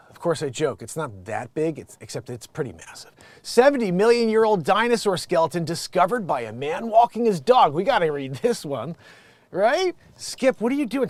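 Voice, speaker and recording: A man hosting a comedy news show, joking and swearing as he reads headlines and swings into loud bits. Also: on the high side, dry recording.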